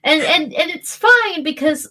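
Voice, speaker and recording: A woman runs a tabletop role-play as game master, chatting her way through the scene with frequent restarts and bursts of laughter. Her voice sits somewhat high for a woman. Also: expressive, a little slow, bright, forceful tone.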